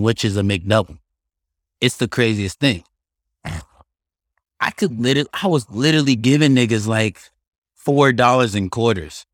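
A man's voice: mid-range voice, no room sound. A young man chatting alone into a mic for his podcast, loose and profane with lots of slang. His voice leaps up and down as he tells stories. The sound is dry and close. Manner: animated, profane, slangy storytelling. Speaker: podcast host. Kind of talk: casual solo podcast storytelling.

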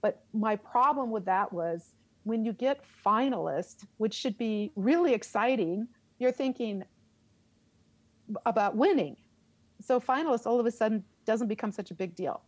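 A middle-aged woman, a theater teacher, telling a story in an interview, animated and laughing as she acts out her reactions. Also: on the high side, moderate pace, dry recording, highs cut off.

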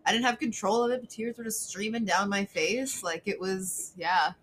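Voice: mid-range voice, fairly even intonation, moderate pace, a bit bright. A podcast co-host chatting casually, playful and giggly, trading jokes with a friend. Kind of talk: casual chat.

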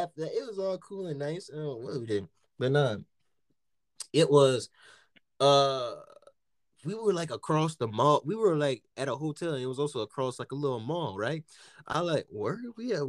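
Animated, profane young American man. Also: a little high, moderate pace, no room sound, studio quality. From United States. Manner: animated, profane storytelling with frequent laughter. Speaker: storyteller. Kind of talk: casual chat.

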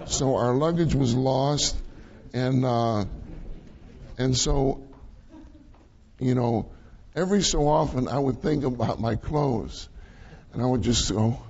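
A man's voice: medium pitch, unhurried, creaky, long pauses, a little mellow, lo-fi sound. A man preaching a sermon in a conversational way, often repeating his key phrases for emphasis.

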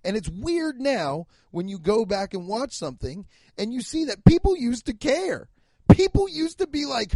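A young man in his twenties or thirties, a comedian rambling through a profane, animated monologue with bursts of shouting. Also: very high voice, moderate pace, no room sound. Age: 20s to 30s.

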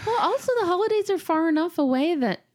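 A woman's voice: extremely high pitch, lively intonation. A woman, a mother of several kids, chatting casually as a podcast co-host and reacting to her friend's stories. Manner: chatty, reactive, quick to laugh along. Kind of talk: casual chat.

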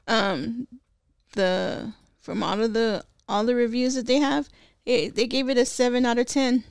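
Giggly high-voiced woman co-host. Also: steady tone, measured pace, gravelly, smooth, no room sound, studio quality. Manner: giggly, retells scenes. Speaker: podcast co-host. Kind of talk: casual podcast chat about a movie.

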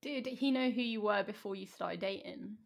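A woman's voice: medium pitch, moderate pace, vocal fry. Supportive woman podcast host. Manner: supportive, asks follow-up questions. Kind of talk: casual interview chat.

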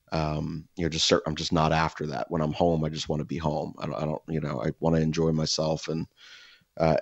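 A young adult man co-hosting a podcast, telling a profane, animated story with mimicked voices in casual chat. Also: very deep voice, slightly rough, dry recording, dull audio. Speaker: podcast co-host.

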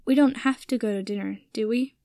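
A woman voicing a gentle, caring young wizard man who speaks hesitantly, in a storybook reading. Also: fairly high pitch, fairly quick, no room sound, studio quality, close to an everyday voice.

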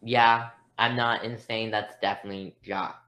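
Very low-voiced rambling woman podcaster. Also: steady tone, normal speed, fairly bright tone. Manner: chatty, rambling, self-deprecating. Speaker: podcast co-host. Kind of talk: casual chat.

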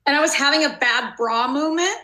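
A woman in her forties tells stories in casual chat over a video call, acting out her own reactions. Her voice sits high, with a bright and forceful edge. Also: fairly quick. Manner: animated storytelling, acts out her own reactions. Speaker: teacher.

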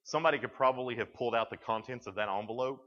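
A young male youth speaker talks to junior high students in a loose, storytelling way, often restarting his sentences. His voice sits at a middle pitch for a man. The recording sounds dull and slightly lo-fi. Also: rapid-fire, a bit bright, big-room sound. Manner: conversational storytelling with frequent restarts.

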